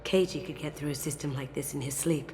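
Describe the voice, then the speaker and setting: A woman's voice: low-pitched, fairly quick, darkish tone. An actress voicing a playful female master thief, cool and teasing in manner. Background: game music.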